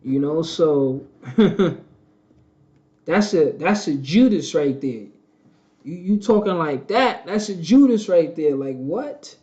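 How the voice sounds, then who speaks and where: Male host, higher-pitched, preachy and repetitive; dull lo-fi audio. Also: animated, slow, long pauses, dark tone. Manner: preachy, repetitive, addresses viewers as family. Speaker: channel host. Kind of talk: casual live-stream commentary.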